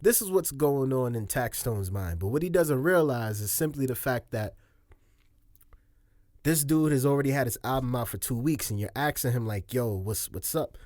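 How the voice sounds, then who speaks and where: A man's voice: medium pitch, expressive, normal speed, a little mellow, no echo, clean studio sound. A man giving casual video commentary, chatty, laughing often, with slangy asides.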